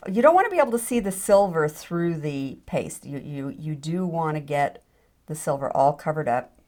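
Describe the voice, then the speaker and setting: A woman's voice: sits low, vocal fry. A middle-aged woman giving a chatty, self-deprecating hands-on jewelry demonstration, with frequent ums and restarts. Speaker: jewelry tutorial instructor.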